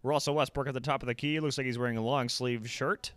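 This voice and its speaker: A young man giving casual, profane play-by-play as a fan while watching a game, bursting into excited shouts. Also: mid-range voice, fast, smooth, no echo.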